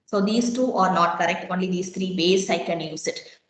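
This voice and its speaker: A woman's voice: on the low side, normal speed. Woman lecturing in a very echoey classroom. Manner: explains step by step and quizzes students with repeated questions.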